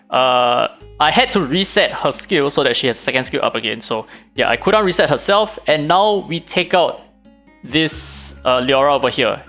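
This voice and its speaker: A man hosts a game guide and breaks down tactics at a rapid clip. His voice sits a touch high for a man, and his delivery is casual and analytical. Soft music plays faintly behind him. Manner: casual, analytical, fast-talking with fillers. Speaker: gaming channel host.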